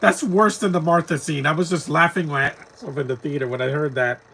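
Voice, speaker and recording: A man's voice: on the high side, brisk, vocal fry, bright, forceful tone, breathy edge. A man giving casual live commentary over a movie, mocking scenes and laughing often.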